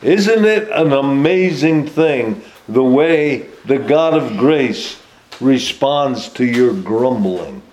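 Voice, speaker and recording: A man preaching a sermon and reading scripture aloud, speaking deliberately with frequent filler pauses. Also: mid-range voice, expressive, darkish tone, slight background noise.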